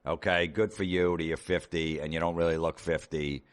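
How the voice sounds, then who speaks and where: Male comic host, very low voice, exasperated profane rant. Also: little pitch movement, moderate pace, smooth. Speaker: comedian host. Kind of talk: comedic rant.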